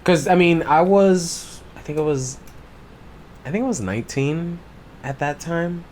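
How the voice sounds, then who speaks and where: A man's voice: mid-range voice, a little mellow, a little hiss or hum. A man co-hosting a podcast, telling stories in loose, casual chat with heavy swearing. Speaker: podcast co-host.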